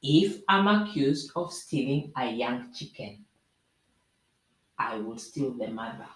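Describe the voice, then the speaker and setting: A woman's voice: very deep voice, animated, slow, heavily acted. A woman putting on an accent to recite a proverb in a sing-song way. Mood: reciting. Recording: roomy echo.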